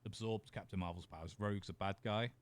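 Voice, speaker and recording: A man's voice: on the low side, fairly even intonation, fast, no echo. A man co-hosting a podcast, chatting casually, rambling, swearing and laughing often. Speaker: podcast co-host. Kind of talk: casual chat.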